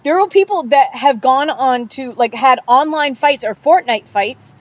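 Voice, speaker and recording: A woman's voice: sits high, a little slow, dry recording. A woman hosting a casual podcast chat, blunt and swearing freely. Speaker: podcast host. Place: outdoors by a pool. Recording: muffled poolside recording.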